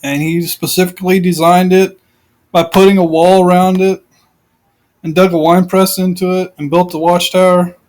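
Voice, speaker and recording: A man's voice: high voice, little pitch movement, normal speed, a little mellow, rough recording. A man giving informal, rambling commentary on scripture, repeating himself and piling up rhetorical questions. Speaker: Bible commentator.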